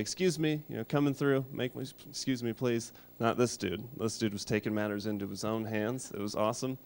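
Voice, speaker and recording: A man in his thirties from Colorado doing a stand-up set, delivering dark, absurd one-liners in a deadpan way. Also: lowish voice, a little hiss or hum. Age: 30s. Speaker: stand-up comedian. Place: small studio.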